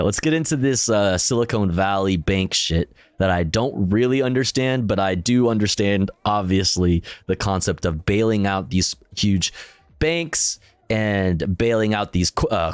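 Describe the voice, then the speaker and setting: Low-voiced man cursing through news commentary. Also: dry recording. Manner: profane, self-deprecating, stumbles over words. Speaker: streamer. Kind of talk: casual live-stream commentary, reading news articles aloud.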